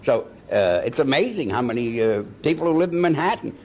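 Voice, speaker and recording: Lively older New man telling stories. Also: mid-range voice, brisk, slight background noise. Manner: animated anecdotes with laughs and acted-out quotes. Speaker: interview guest, actor. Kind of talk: storytelling in a casual interview.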